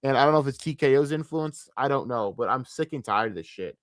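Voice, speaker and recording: An American man rants on a casual livestream, frustrated and profane, rambling and restarting often. His medium-pitched voice is expressive and quick, recorded dry and clean like a studio.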